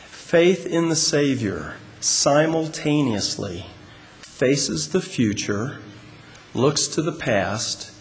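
A man giving a sermon to a congregation in a large hall, speaking in a measured, deliberate and emphatic way. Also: medium pitch. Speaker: religious speaker. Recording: long hall reverb, faint room noise.

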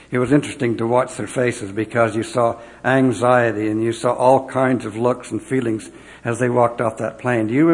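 A former mission president with a mid-range, darkish voice gives a devotional talk to an audience, earnestly sharing personal stories and acting out the remembered dialogue.

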